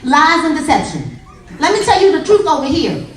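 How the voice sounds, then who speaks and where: A woman giving a humorous, animated motivational talk to a live audience, telling stories with acted quotes. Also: sits high, moderate pace. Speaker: motivational speaker. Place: meeting room with an audience. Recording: echoey room, voice from a distance, faint crowd.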